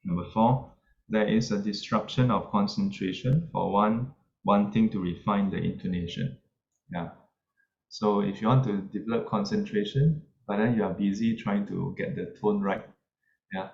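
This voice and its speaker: A man giving an informal dharma talk as a Buddhist teacher, halting, with many fillers and soft chuckles. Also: lowish voice, fairly even intonation, creaky. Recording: roomy, muffled, faint background noise.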